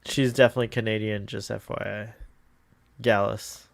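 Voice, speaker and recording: A man co-hosting a casual show commentary, excitable and quick to laugh, teasing his partner. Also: lowish voice, gravelly, dry recording. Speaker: co-host of a watch-along commentary.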